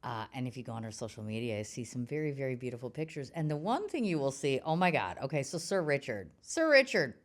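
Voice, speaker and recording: A woman interviewing a guest on a podcast, with a low voice that moves a lot in pitch. She is casual and enthusiastic, teasing her guest and chiming in often. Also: animated, quick pace, hardly any pauses, a little mellow. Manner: enthusiastic, teasing, brief affirmations.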